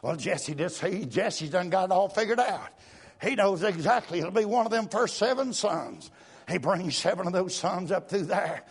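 An older guest preacher delivers a fervent revival sermon in a church, speaking in rhythmic bursts and putting an "uh" before nearly every phrase. His husky voice sits high, with lively intonation at a moderate pace.

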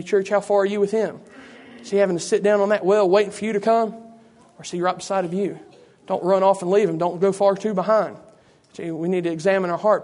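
A man preaches a sermon in a high, ringing voice. He keeps turning to the congregation with "you know what?" and rhetorical questions, building his points through repetition. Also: darkish tone. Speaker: pastor.

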